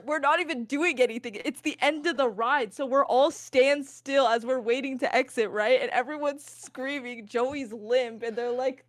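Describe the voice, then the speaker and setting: A woman's voice: sits high, dry recording, clean studio sound. A young woman streamer telling a story in casual chat, laughing through it, on a voice call mic.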